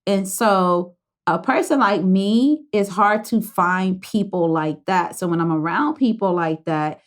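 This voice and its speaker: A woman's voice: mid-range voice, measured pace. A woman hosting a podcast who speaks in an affirming, emotional way and laughs often, with speech. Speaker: podcast host. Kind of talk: casual heartfelt interview.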